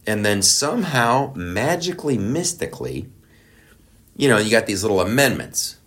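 Low-voiced man ranting, profane and sarcastic. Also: sing-song, moderate pace, a bit bright. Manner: rambling with frequent restarts. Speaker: political commentator. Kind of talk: ranting monologue.

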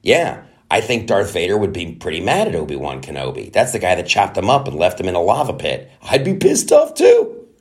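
A man hosting a comedy podcast, ranting mockingly through a show recap and popping into quick put-on voices. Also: sits low. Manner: animated, mocking, does quick character voices. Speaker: podcast host.

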